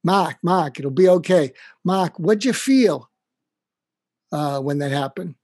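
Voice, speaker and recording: A man imitating an older male mentor with a Boston accent, who gently presses him with questions and keeps repeating his name. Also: on the high side, animated, slow pace, dry recording, studio quality. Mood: coaxing. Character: older male mentor, warm, coaxing, insistent.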